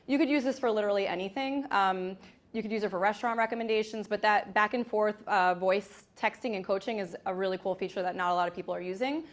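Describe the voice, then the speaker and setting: A woman giving a live presentation in a large room, energetic and chatty, demonstrating as she goes. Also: mid-range voice, fast talker. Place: large room with hundreds of agents.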